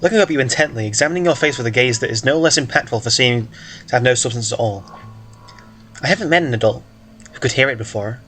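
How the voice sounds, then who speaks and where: Here the story-game reader's mid-range voice sounds pushed and bright. He reads casually, cracking jokes, cutting himself off, and hiccuping over words.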